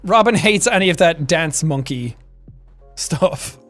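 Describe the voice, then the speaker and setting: High-voiced, joking Irish streamer. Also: male voice, a little slow, faint music behind. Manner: joking, animated, mimics accents for laughs. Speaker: livestreamer. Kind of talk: casual livestream chat, reacting and reading chat. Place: home streaming setup. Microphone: studio shotgun mic with filters.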